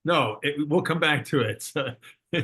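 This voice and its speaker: A man's voice: a little high, a little slow, bright, forceful tone, slightly rough. A man co-hosting a podcast who laughs often and reads out listener questions. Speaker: podcast co-host.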